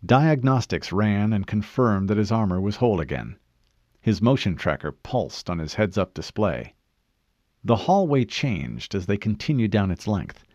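A man with a fairly low voice narrates an audiobook expressively, like a storyteller, at a moderate pace. The recording is dry with no room sound, and its highs are cut off.

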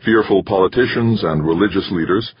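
A man reads an audiobook at a steady, measured pace. His voice is extremely deep and husky, and the recording sounds dull and lo-fi. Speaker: audiobook narrator. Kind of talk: scripted narration.

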